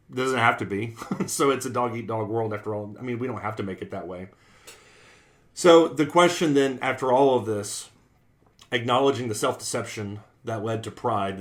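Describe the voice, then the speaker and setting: A man's voice: on the low side, a bit bright. Earnest man teaching a Bible class. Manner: earnest, speaks in repeated phrases and quoted sayings. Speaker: preacher.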